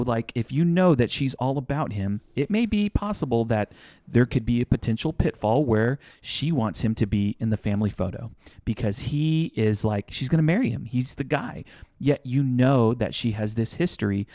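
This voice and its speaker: Mellow-voiced man on a wedding podcast. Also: medium pitch, normal speed, no echo, clean studio sound. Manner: rambling, self-correcting, animated hypotheticals. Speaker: podcast co-host. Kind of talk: casual podcast chat.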